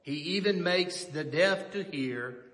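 A man preaching a sermon as pastor, reading scripture and then telling a story in a measured, unhurried storytelling way. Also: a little high, a bit bright, roomy sound, long reverb tail.

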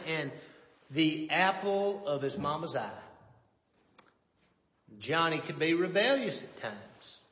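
A man preaching in a church, his voice pitched high and bright as he reads scripture and tells stories slowly and deliberately. The sound carries a long, roomy reverb from the hall around him. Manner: measured, storytelling preacher. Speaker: pastor. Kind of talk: sermon with scripture reading.

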